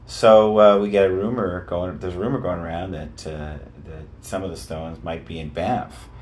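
Deep-voiced older rock singer telling stories. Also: male voice, moderate pace, a little hiss or hum. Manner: animated, breaks into voices of people in his stories. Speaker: lead singer, interview guest. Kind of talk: casual storytelling.

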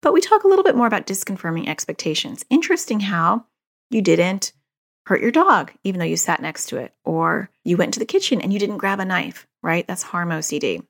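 Woman w/ kinda low voice explaining stuff to parents, earnest, lots of examples, repeats herself on purpose. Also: sing-song, brisk, vocal fry. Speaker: parent educator on child anxiety.

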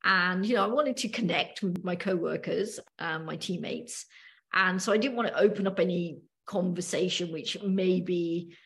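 A woman with a British accent and a lowish voice talks things through on a podcast. She tells her story in a measured, hesitant way, with plenty of ums along the way. She sounds middle-aged. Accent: British English. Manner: thoughtful, hesitant storytelling with many fillers. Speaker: podcast co-host. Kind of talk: casual podcast discussion.

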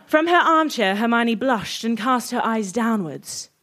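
Woman reader for a spoof story, giggly and playful, high voice. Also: animated, unhurried, a bit bright. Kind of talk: comic reading of a parody story.

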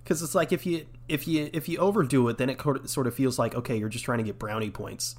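A man's voice: medium pitch, quick pace. An American man co-hosting a podcast, chatting casually, laughing often and acting out quotes. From United States. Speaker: podcast co-host. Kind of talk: casual chat.

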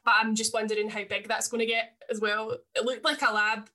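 A woman's voice: a little high, level tone, brisk, sharp tone. A woman co-hosting a podcast, chatting casually in a giggly, teasing way. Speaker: podcast co-host. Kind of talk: casual chat.

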